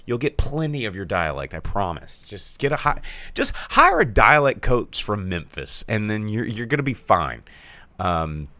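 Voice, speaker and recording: A man's voice: fairly low pitch, wildly swooping pitch, moderate pace, bright, forceful tone, no echo. A man from the American South with a Southern accent, co-hosting a casual podcast chat and joking around. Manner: jokey, slips into mock voices. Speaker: podcast co-host. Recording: faint ambient noise, rain on the roof.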